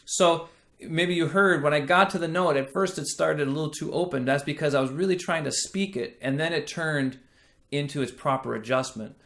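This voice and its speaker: A man teaching a singing lesson, explaining slowly and checking in with the listener as he goes. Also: on the high side, vocal fry, a bit bright. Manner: slow, explanatory teaching with frequent "right?" checks. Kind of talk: singing lesson with sung demonstrations.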